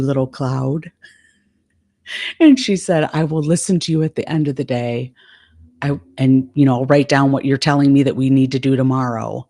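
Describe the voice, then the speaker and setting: A woman's voice: very deep voice, a little mellow. A middle-aged woman life coach talking casually on a live stream, retelling a coaching session and speaking her client's lines in her own voice.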